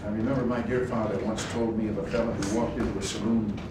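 A man's voice: lowish voice, level tone, quick pace. An older man giving a formal ceremonial speech as president, telling wry folksy anecdotes. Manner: folksy storyteller, wry joke delivery. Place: large ceremonial room. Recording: echoey hall from far off, noisy archive recording.

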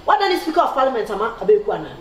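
A woman playing a mother scolding her daughter in a comedy sketch, animated and laughing between words. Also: fairly high pitch, very fast. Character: scolding mother, loud and sharp. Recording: echoey room.

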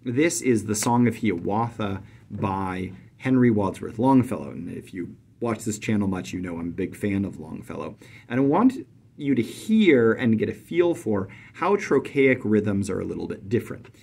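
A man teaching a lesson on poetic meter, speaking in a measured way and stressing syllables clearly. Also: animated. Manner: measured, emphatic on stressed syllables, drops to soft low voice when reciting. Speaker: poetry teacher. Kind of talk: explanatory lesson with poem recitation.

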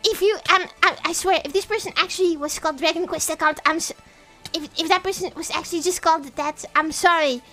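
A woman from Europe commentating her live game stream in an excitable way, often breaking into startled shrieks. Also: very high-pitched, fast talker, faint music behind.

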